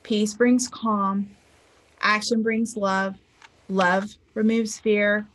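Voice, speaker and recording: A woman's voice: medium pitch, flat delivery, very slow, a bit bright. A middle-aged woman, a spiritual teacher and life coach, giving a chatty motivational talk and acting out the people in her stories. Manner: chatty storyteller, acts out quotes.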